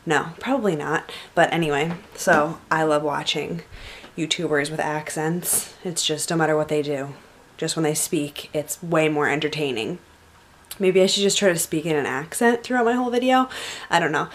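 A young American woman talks to her camera in a loose, rambling way, hopping from one thought to the next. Her voice sits a little low for a woman, and her delivery is relaxed and unpolished, like an easygoing late-night chat from her bedroom. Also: normal speed, slight background noise. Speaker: vlogger.

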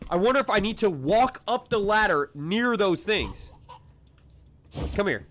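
Excitable young man yelling at a game. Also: high-pitched, moderate pace. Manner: excitable, swears a lot, yells at the game. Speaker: gaming video creator. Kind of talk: casual gameplay commentary.

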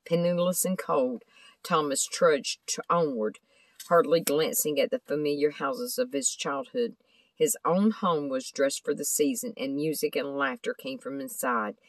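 A woman's voice: very deep voice, measured pace, dry recording, poor audio. Woman reading a storybook aloud. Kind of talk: scripted narration of a children's book.

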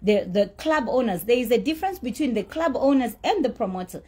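A woman's voice: on the high side, expressive, brisk, a little mellow, slightly rough. A woman telling her side of a dispute in a blunt, profane, indignant rant. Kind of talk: heated storytelling rant.

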